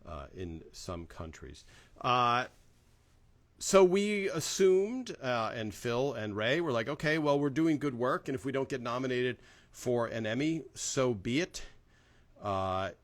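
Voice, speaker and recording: A man's voice: mid-range voice, fairly bright tone. A man hosting a casual fan livestream, chatting loosely with many fillers and greeting viewers by name. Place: home in Southern California.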